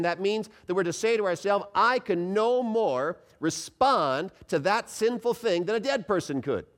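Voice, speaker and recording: A man preaching a sermon in a church, animated and calling on the congregation to answer him out loud. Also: a little high. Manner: animated, calls for congregation responses.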